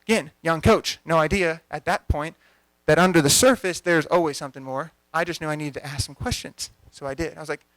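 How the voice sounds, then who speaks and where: Young male coach, lively storyteller who voices the people in his story; slightly high voice, dry recording. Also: fairly quick, no room sound. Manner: energetic, conversational, acts out dialogue. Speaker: coach giving a talk. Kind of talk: storytelling talk to a live audience. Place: event venue.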